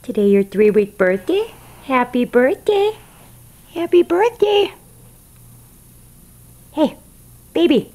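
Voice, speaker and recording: A woman coos baby talk to a puppy at home in a high, lilting voice that swoops up and down. She talks slowly and gently, sometimes dropping to a soft whisper. Her tone stays mellow and warm. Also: sing-song. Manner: cooing, sing-song pet talk, soft whispers. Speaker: puppy breeder filming a puppy.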